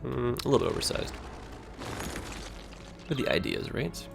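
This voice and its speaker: A man's voice: mid-range voice, big pitch swings, normal speed, vocal fry, over music. A man with a Toronto Canadian accent, chatting casually over his gameplay as a livestreamer and filling his talk with "like" and "you know".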